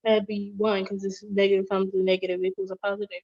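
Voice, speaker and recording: A woman's voice: medium pitch, monotone, fast talker, gravelly, dark tone. A woman student answers questions in an online math lesson, hesitant and thinking aloud as she works. Her audio sounds dull and lo-fi.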